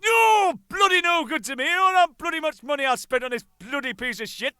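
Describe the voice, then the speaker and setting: A man's voice: extremely high pitch, animated, moderate pace, pushed and bright, clear, resonant tone, dry recording, pitched above the performer's own voice, full character voice. A man putting on a homesick, grumbling Yorkshireman who moans constantly and swears with "bloody". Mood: furious. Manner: whiny, exasperated, full of "oh" and "bloody".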